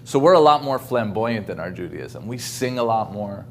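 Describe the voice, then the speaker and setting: Low-voiced man giving a casual talk. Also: animated, normal speed, a little hiss or hum. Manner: conversational, many ums and restarts. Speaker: guest speaker. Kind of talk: informal lecture. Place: home, video call. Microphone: video call.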